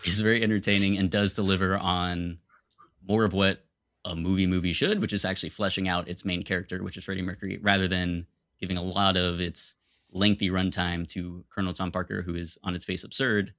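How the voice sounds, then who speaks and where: A man's voice: deep voice, little pitch movement, a little fast, fairly bright tone, no echo, studio quality. A young man arguing insistently in a casual comedic film debate. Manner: argumentative, insistent, laughs easily.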